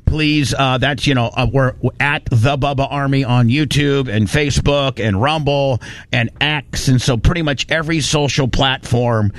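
A man hosting a radio talk show, telling a story in animated bursts and ranting with lots of restarts. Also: mid-range voice, normal speed, dry recording. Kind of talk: casual talk radio banter.

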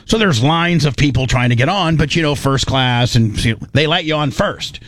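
Animated man telling a comic story, dry sound. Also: on the high side, moderate pace, no room sound. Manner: animated, mimics others' voices in quotes.

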